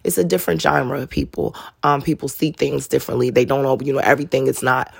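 Woman podcast host, low and husky, loose slangy storytelling, dry close sound. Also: fairly even intonation, quick pace, dry recording. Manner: chatty, slangy, laughs through her stories. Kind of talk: casual storytelling monologue.

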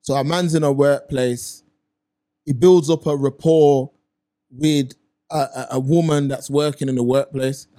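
A man's voice: mid-range voice, fairly even intonation, unhurried, warm tone. A young man, co-hosting a casual chat show and explaining his point with examples. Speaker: podcast co-host.

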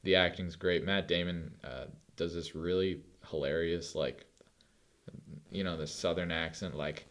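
A man with a very low, deep voice chats casually on a podcast. He rambles with lots of fillers and now and then breaks into excited bursts. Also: measured pace. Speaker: podcast co-host. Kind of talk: casual movie chat.

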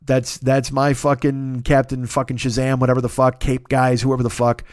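A man in his fifties hosting a casual solo podcast, rambling, excitable and full of profanity. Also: medium pitch, moderate pace, no room sound, clean studio sound. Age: 50s. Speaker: podcast host.

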